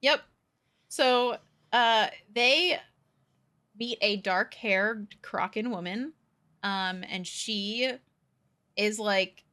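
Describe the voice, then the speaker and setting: A woman co-hosts a podcast in a casual, unhurried way. She talks slowly and recaps the plot in a loose, chatty manner. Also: mid-range voice. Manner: relaxed, recapping the plot with acted quotes. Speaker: podcast co-host. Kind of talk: casual book discussion.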